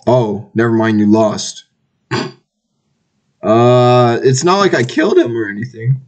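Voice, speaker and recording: Male gamer, playful ribbing tone, very animated pitch. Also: a little slow. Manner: teasing, playful trash talk. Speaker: online game player. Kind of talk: casual voice chat while gaming.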